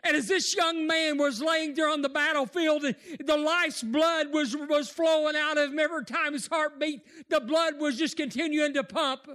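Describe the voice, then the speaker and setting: High-voiced impassioned preacher man. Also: fairly even intonation, normal speed, few pauses. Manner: impassioned, rising to shouts and tearful cries. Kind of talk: sermon.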